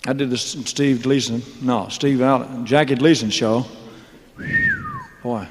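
A man's voice: mid-range voice, steady tone, unhurried. A man rambles through his story on a concert stage, trailing into mumbled asides and wisecracks, chuckling between lines. His voice sits in a middling register and carries a long hall reverb with faint crowd noise behind. It has the loose, unscripted feel of a live performance. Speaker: singer telling his career story on stage.

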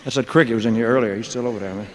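A man on a concert stage rambles through a story, cracking jokes and laughing at himself between lines. His voice sits at an ordinary male pitch. A long concert-hall reverb trails after every phrase. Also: fairly even intonation, racing, a little hiss or hum. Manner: rambling, joking, with laughing asides. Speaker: stage performer. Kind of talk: onstage storytelling monologue.

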